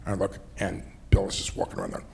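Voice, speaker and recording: A man's voice: deep voice, sing-song, quick pace, vocal fry, a little mellow, a little hiss or hum. A middle-aged man, an entrepreneur and investor, talking in a fireside chat, rambling through anecdotes with many "you know"s and laughs. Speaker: entrepreneur and investor, interview guest.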